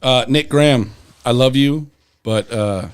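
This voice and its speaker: A young adult man appears as a podcast guest, telling rambling, profane stories in casual conversation. His mid-range voice is smooth and his pace measured.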